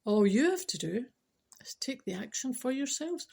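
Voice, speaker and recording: Scottish woman, podcast host, husky voice, a bit high, chatty and teasing, slips into whispers. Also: big pitch swings, moderate pace, darkish tone. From Scotland. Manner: chatty, teasing, addresses listeners directly, drops to whispers.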